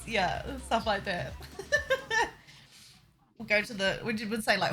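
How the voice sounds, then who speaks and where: Young woman, New Zealand accent with an American tinge, chatty and giggly, a bit high-pitched, faint music behind. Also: lively intonation, a little slow, long pauses, a bit bright, poor audio. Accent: New Zealand, slightly Americanized. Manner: chatty, giggly, addresses chat directly. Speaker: streamer. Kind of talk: casual live-stream chat while playing.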